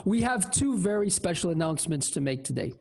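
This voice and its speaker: A man hosting a talk show who makes slow, emphatic announcements and talks informally, with the odd swear word. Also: high voice, big pitch swings, darkish tone. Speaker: host.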